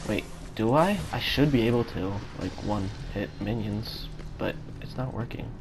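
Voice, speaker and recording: A man giving live commentary on his own gameplay, excitable, swearing often and repeating phrases in quick bursts. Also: on the low side, background noise. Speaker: gamer. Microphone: home setup without face cam.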